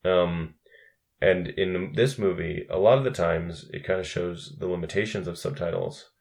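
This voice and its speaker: A young man co-hosts a casual podcast about films, rambling, restarting often, and cursing freely. His voice is low and creaky with a darkish tone, at a moderate pace.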